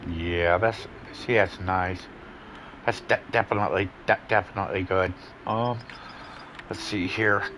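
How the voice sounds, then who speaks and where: Laid-back, profane man with a low voice. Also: steady tone, a little slow, a bit bright, slight background noise. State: yawning, a bit tired. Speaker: gaming channel host. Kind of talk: casual gameplay commentary.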